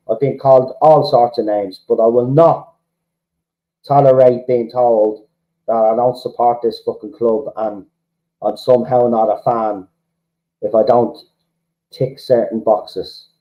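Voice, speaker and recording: A man's voice: medium pitch, steady tone, a little slow, dull audio. An Irish man from the Republic of Ireland hosting a fan livestream, ranting heatedly and swearing, often repeating himself. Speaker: fan channel host. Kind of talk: livestream rant to chat.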